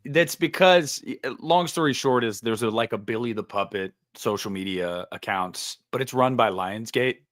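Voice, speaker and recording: A man's voice: mid-range voice, normal speed, few pauses, dry recording, clean studio sound. A man co-hosting a horror podcast, chatting casually with many fillers. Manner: relaxed, talks with many fillers. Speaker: podcast co-host.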